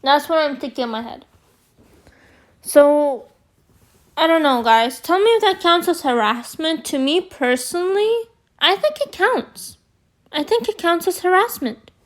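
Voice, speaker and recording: A woman vlogger telling a story to her viewers, rambling with lots of fillers, her voice a bit hoarse from screaming. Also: high voice, animated, a little slow, long pauses. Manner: rambling, filler-heavy, addresses viewers as guys. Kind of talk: storytime chat.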